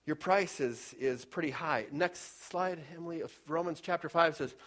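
A male preacher delivering a sermon with scripture readings, fervent and emphatic, often slowing down to stress key points. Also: on the high side, a bit bright. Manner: fervent, emphatic, varies pace for effect. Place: church with slides.

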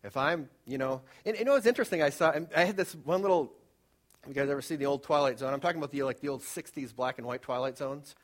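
A male pastor preaching a sermon in a conversational, emphatic way, moving between loud urging and hushed storytelling. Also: medium pitch, fast.

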